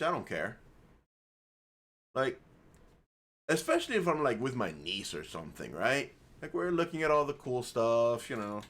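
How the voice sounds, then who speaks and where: A young man talks casually over a video he is reacting to, rambling and cursing as he jokes. His pitch leaps and dips all over the place, never staying flat for long. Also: moderate pace, long pauses. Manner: profane, rambling, joking. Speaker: gaming YouTuber reacting to a video.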